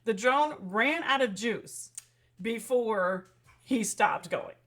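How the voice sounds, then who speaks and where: A woman's voice: on the high side, animated, slow pace, fairly bright tone. A woman co-hosting a podcast, telling a news story in casual chat and laughing often. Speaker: podcast co-host.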